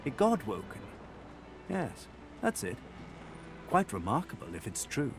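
A suave, calculating gentleman. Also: medium pitch, wildly swooping pitch, a little slow. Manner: smooth, courtly, faintly sardonic. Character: suave, calculating male ship passenger. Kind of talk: video game voice acting. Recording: game audio with loud music behind. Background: game music.

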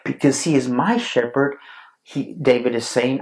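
A male pastor giving a sermon in a deliberate, halting way with many fillers, stressing key words and quoting scripture. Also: medium pitch, a little mellow. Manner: slow and deliberate, with frequent fillers and repeated words; stresses key words, reads Bible verses aloud.

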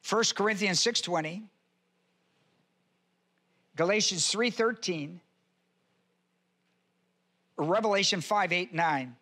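A male pastor teaching a sermon verse by verse, reading scripture aloud and slowing down to stress key words. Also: sits high, sharp tone. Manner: reads scripture aloud and spells out Greek words. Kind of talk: expository Bible teaching sermon.

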